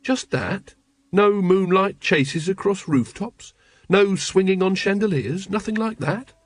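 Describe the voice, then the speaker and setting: A man voicing Carrot, high earnest young recruit. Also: measured pace, no echo. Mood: earnest, puzzled. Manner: earnest, wide-eyed and puzzled. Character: young naive eager man, big keen watch recruit.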